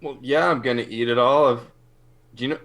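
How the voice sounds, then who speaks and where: A man playing his character in a tabletop game. He delivers his lines in a dry, wry way. His voice sits at a middle pitch for a man. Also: brisk, a bit bright. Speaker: tabletop player.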